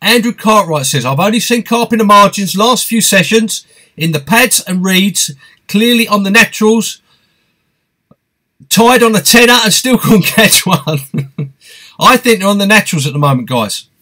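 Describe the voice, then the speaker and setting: A man's voice: sits high, expressive, normal speed, pushed and bright. A man hosting a live stream, reading out viewer comments and answering them in a chatty, friendly way. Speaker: host of a fishing live stream.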